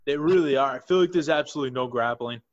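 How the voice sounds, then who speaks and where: A man co-hosting a podcast, reacting quickly and chatting casually while watching a fight. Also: mid-range voice, dry recording, lo-fi sound. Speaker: podcast co-host. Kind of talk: casual chat over a live fight.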